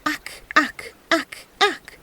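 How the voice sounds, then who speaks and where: A woman voicing a chorus of pond frogs that cry out in shrill, repeated croaks in a storybook reading. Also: very slow, pushed and bright, heavily acted. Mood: croaking.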